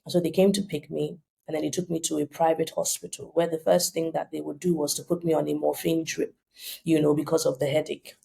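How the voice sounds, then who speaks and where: This Nigerian-accented woman in her thirties speaks fairly quickly in a low, mellow, husky voice with vocal fry and little pitch movement. As a podcast guest, she tells her story animatedly and acts out the voices she quotes.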